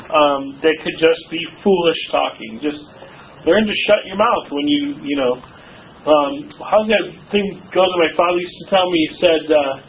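A high-pitched man leads a church Bible study in a chatty, joking way, tossing questions to the class. The sound is thin and tinny, like a phone line, with a faint hiss underneath. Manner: joking, chatty, asks the class questions, frequent "okay?" and "you know". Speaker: Bible class teacher and counselor.

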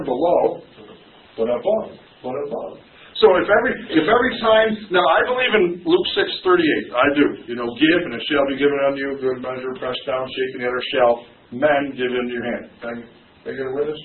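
A middle-aged man preaching a sermon in a mid-pitched voice, moving between ringing emphasis and hushed, emotional asides. He is picked up from a distance in a reverberant room. The sound is thin and phone-like with faint background noise. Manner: preachy, with rising shouts and quiet, emotional asides. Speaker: pastor. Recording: distant, echoey, phone-like church recording.

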